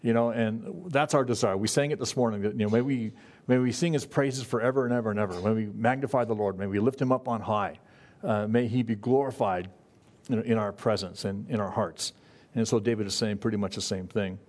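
Male pastor, relaxed Bible-study sermon, folksy and unhurried, stops and restarts often. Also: on the low side. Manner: folksy, halting delivery with many fillers and restarts.

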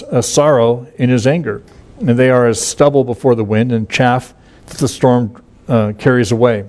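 A middle-aged pastor gives informal Bible teaching, walking listeners through a scripture passage conversationally in an ordinary, slightly mellow male voice. He often stops and restarts sentences and leans on fillers, but settles into a steadier cadence when reading the verses aloud.

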